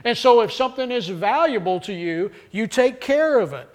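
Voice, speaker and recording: A man's voice: very high voice, lively intonation, moderate pace. A male pastor preaching a sermon. He jokes easily and keeps calling on the congregation to repeat lines back to him. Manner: joking, call-and-response with congregation.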